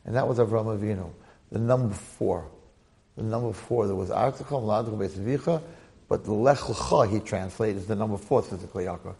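Gravelly man giving an animated Torah class. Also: on the low side, brisk. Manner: animated storytelling with repeated phrases and acted quotes. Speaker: rabbi teaching the weekly Torah portion.

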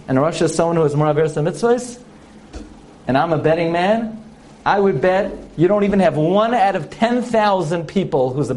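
A man giving an animated Torah class, asking rhetorical questions, using many Hebrew and Yiddish terms and acting out the characters in a story. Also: on the high side. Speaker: rabbi teaching a Torah lesson.

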